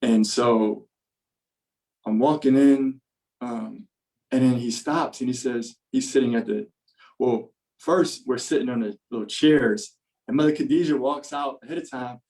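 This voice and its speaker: A man appearing as a podcast guest casually tells an animated story, laughing often and sprinkling in "like" and "you know." His medium-pitched voice moves a little slowly, and the recording is rough.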